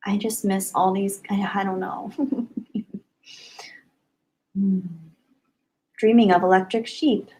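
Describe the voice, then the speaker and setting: A woman hosting a casual livestream, chatty and upbeat, thanking viewers by name and often trailing off softly. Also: medium pitch, steady tone, slow pace, long pauses, low-quality recording. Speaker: livestream host. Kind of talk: casual live chat reading comments.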